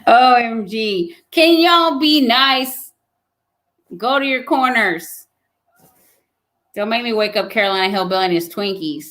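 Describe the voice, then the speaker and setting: A woman's voice: mid-range voice, fairly bright tone. Playful woman livestreaming. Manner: playful, teasing, laughs often. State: pregnant. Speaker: livestream host reading chat. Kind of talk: casual live chat.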